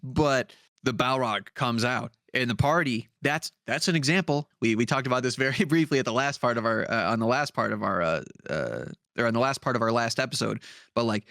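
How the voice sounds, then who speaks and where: A man's voice: medium pitch, expressive, a little fast, gravelly, pushed and bright, no room sound, studio quality. A man co-hosting a podcast, chatting casually about tabletop games, rambling with lots of fillers and swearing. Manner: rambling, profane, many fillers. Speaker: podcast co-host.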